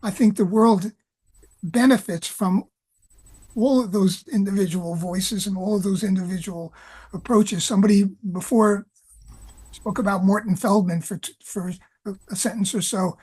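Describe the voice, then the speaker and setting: A woman lecturer in an academic discussion, talking in halting phrases with many restarts. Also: medium pitch, fairly even intonation, darkish tone, breathy edge.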